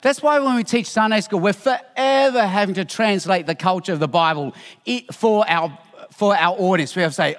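A middle-aged Australian man gives a Christian teaching talk, telling lively stories and acting out what people said. His voice is high-pitched at a normal speed, with a big-room sound.

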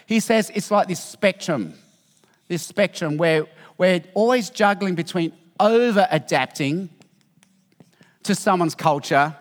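A middle-aged Australian man with a high voice gives a Christian teaching talk in a large hall. He tells stories in a lively way and acts out what people said.

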